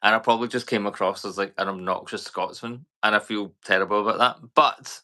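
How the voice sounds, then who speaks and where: A man's voice: fairly low pitch, fairly quick. A man with a Scottish accent, co-hosting a podcast and telling rambling stories in casual chat. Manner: rambling, animated storyteller. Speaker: podcast co-host.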